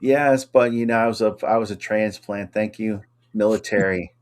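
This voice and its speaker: A man's voice: fairly low pitch, normal speed, darkish tone, slight background noise. A man co-hosting a casual chat show, upbeat and chatty, reading out viewer comments. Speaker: co-host.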